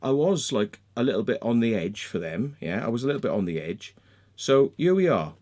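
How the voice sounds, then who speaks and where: A man's voice: mid-range voice, very animated, fairly quick, a little mellow. A man, ranting angrily and sarcastically to the viewers of his vlog, swearing often and ending his points with "yeah?" or "right?". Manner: heated, sweary, keeps adding "yeah?" and "right?"; sarcastic, mocking. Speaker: vlogger. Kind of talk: angry ranting vlog monologue.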